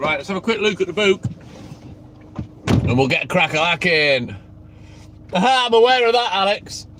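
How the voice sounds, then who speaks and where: A man's voice: high-pitched, expressive, moderate pace, background noise. A man live-streaming from his milk round, greeting viewers by name and bantering cheekily.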